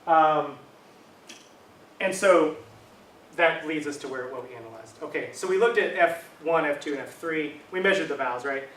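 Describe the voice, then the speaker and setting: A man's voice: on the high side, moderate pace, fairly bright tone, a little hiss or hum. A middle-aged man giving a university linguistics talk, explaining in a casual, conversational way with frequent fillers and check-ins like "right?". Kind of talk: academic talk. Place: lecture room. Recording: echoey room, mic at a distance.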